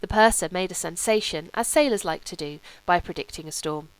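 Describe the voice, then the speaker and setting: A woman reading a novel aloud as a measured, literary audiobook narration. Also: lowish voice, smooth, no echo. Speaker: audiobook reader. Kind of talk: scripted narration.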